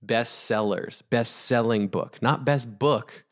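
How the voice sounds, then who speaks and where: A man co-hosting a motivational podcast, speaking at a middle pitch. He talks with fervent, emphatic conviction and hammers points home by repeating short phrases. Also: slow. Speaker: podcast co-host.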